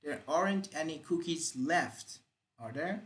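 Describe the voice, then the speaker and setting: A man's voice: on the high side, expressive, measured pace, poor audio. A man teaching English grammar, repeating example sentences with exaggerated rising and falling intonation. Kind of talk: grammar lesson.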